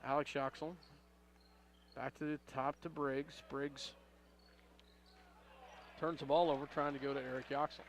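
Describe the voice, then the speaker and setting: A man announcing a high school basketball game play-by-play, calling passes quickly and rising on big plays. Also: flat delivery, creaky, a little hiss or hum. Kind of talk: local radio basketball commentary.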